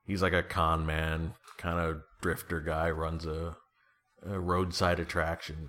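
A man's voice: low voice, little pitch movement, normal speed, fairly bright tone. A middle-aged man chatting casually as an interview guest, rambling and self-deprecating, with lots of fillers and restarts. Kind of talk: casual conversation.

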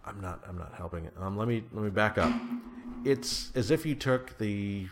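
The background is noisy as a man in his thirties, co-hosting a podcast, chats casually at a moderate pace. His voice is lowish, and he rambles in a joking, self-deprecating way.

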